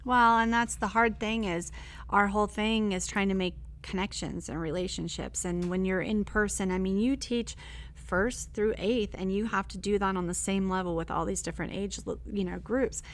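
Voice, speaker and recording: A woman's voice: mid-range voice, normal speed. A female teacher and co-host. She chats casually and supportively, with lots of fillers. She is recorded in a school STEM lab. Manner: chatty, supportive, full of fillers. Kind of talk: casual chat.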